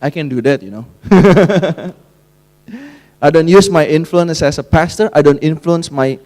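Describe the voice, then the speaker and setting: A male pastor with a high-pitched voice delivers his sermon like a relaxed personal story. He talks in a chatty way, laughs easily and often, and drops fillers and tag words into his English. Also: measured pace.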